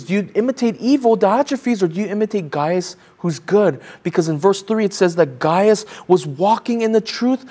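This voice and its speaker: A man's voice: fairly high pitch, darkish tone, breathy edge. A man preaching a sermon as pastor, emphatic, repeating phrases and asking the congregation pointed rhetorical questions.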